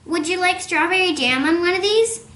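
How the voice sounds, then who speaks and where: A woman reading aloud, voicing a lively, conspiratorial father who tells stories with relish. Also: extremely high pitch, moderate pace, roomy sound. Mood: scornful. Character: cheerful rural father, storyteller, man.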